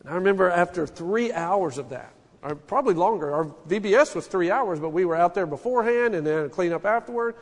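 A man in his forties preaching a sermon, telling stories with an animated, folksy manner. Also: high-pitched, fairly quick. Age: 40s. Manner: storytelling, animated, folksy asides. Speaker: pastor. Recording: long hall reverb.

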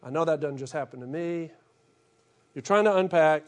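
High-voiced pastor, joking sermon. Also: male voice, moderate pace. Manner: humorous, animated storytelling with acted-out asides. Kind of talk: conversational sermon.

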